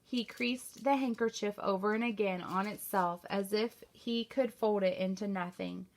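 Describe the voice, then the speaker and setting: A woman's voice: medium pitch, normal speed. Woman reading a novel aloud. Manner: steady storytelling. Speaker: teacher.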